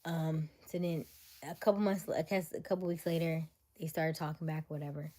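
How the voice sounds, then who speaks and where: Mellow-voiced woman retelling gossip. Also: sits low, normal speed. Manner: animated, incredulous retelling. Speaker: livestream host. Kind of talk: casual storytelling to chat.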